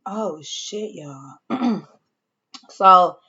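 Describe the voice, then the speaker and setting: A woman's voice: medium pitch, drawn-out words, bright, forceful tone, breathy edge, highs cut off. A woman casually recapping and reacting to a TV episode, chatty and slangy, talking straight to her viewers. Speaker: show reviewer.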